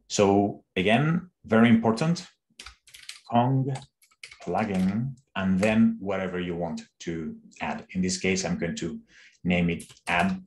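A man, an engineer, walking through a live coding demo on a call, thinking aloud in an unhurried way with restarts. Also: deep voice. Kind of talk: screen-share coding walkthrough.

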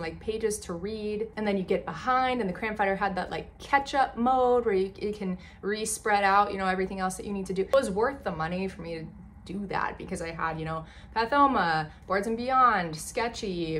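A woman in her twenties, a medical student, chatting to camera in a lively storytelling way with many fillers. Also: medium pitch, a little hiss or hum. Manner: chatty and animated, with lots of fillers and voiced asides.

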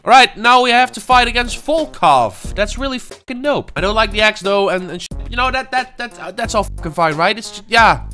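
High, lively young man swearing at his game. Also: a little fast, hardly any pauses, faint music behind. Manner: frustrated, swearing, swings from muttering to shouting. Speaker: gaming channel host. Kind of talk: gameplay commentary.

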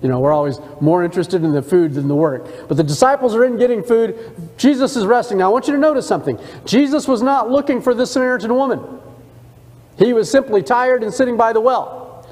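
A man's voice: very high voice, animated, quick pace, darkish tone, big-room sound. A man teaching a church discipleship class, reading scripture aloud and stopping to comment in a conversational way. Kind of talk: Bible study sermon. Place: church sanctuary.

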